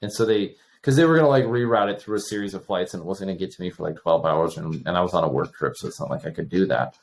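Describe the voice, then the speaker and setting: A man's voice: low-pitched, quick pace, vocal fry. A man in his thirties, a podcast guest, casually telling stories and acting out the exchanges with lots of restarts. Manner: animated, acts out quoted exchanges, many restarts. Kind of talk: casual storytelling.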